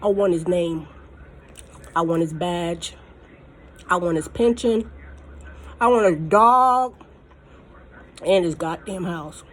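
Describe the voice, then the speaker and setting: A woman's voice: on the low side, slow, pauses often. A woman talks straight to her viewers in a heated personal vlog. She is furious and emphatic, hammering her points by repeating them. Her voice sounds close to tears throughout. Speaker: mukbang vlogger. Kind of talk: angry personal vlog rant.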